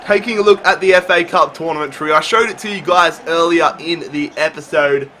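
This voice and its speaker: Excitable young man calling a football game. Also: a little high, normal speed. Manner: swings from calm analysis to shouting at big chances. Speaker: gaming YouTuber.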